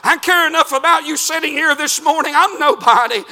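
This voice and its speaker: A middle-aged male pastor, preaching in a church with a shouting, chanting cadence and many "uh" fillers. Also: extremely high pitch, brisk. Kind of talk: fiery revival sermon. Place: church sanctuary.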